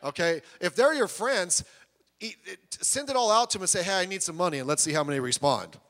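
A man preaching a sermon, animated and storytelling, acting out the voices of the people he quotes. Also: high voice, fairly quick. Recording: long hall reverb.

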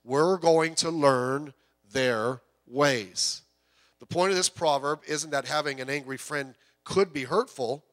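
Pastor, male, slightly high bright voice, conversational sermon delivery, long church reverb. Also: takes it slowly. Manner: conversational, asks the congregation questions, acts out quotes.

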